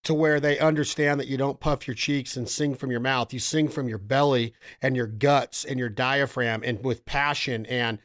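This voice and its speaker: A man hosting a podcast, chatting enthusiastically about calling technique and breaking into quick vocal imitations. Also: medium pitch, steady tone, fairly bright tone. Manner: enthusiastic, imitates calls and singers mid-talk. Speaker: podcast host. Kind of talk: casual technical chat.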